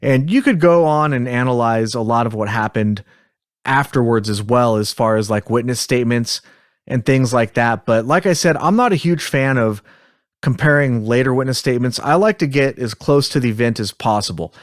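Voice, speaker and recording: A man's voice: mid-range voice, normal speed, dry recording. A man hosting a podcast in casual chat, rambling and chuckling, a little self-deprecating, on a close mic. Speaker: podcast host.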